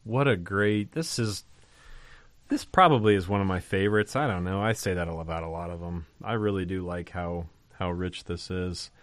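A man's voice: sits low, moderate pace, no room sound. A man teaching a Bible study on a podcast, conversational with musing asides and sudden emphasis on key words. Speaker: pastor.

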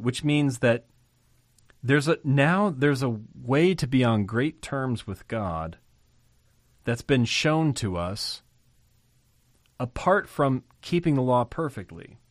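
A podcast host teaches through a Bible passage, reading verses aloud and then unpacking them phrase by phrase and word by word, repeating key terms for emphasis. His mid-range voice is animated, and he goes slowly with frequent pauses. The audio is studio quality with no echo.

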